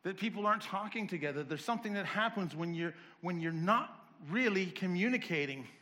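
A male preacher whose voice sits high and rings bright. He fires off rhetorical questions one after another, building each run toward fervent intensity. Between runs he drops in a wry, self-deprecating aside. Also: expressive, brisk. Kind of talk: sermon.

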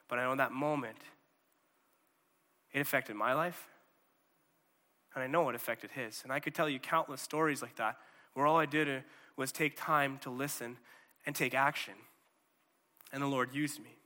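A man preaching a sermon in a conversational, animated way, often checking in with his listeners. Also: medium pitch, normal speed, pauses often, big-room sound.

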